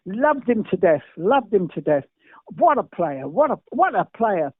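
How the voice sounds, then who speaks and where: Very animated yet measured in pace, this older Englishman speaks in a high pitch while telling rambling, repetitive, emphatic interview anecdotes. No room sound comes through, and the recording is dry and tinny, like a phone.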